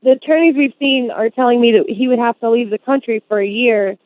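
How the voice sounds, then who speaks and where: A woman calling in to ask a question, hesitant and pausing with ums, heard over a phone line. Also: fairly high pitch, no echo. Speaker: caller.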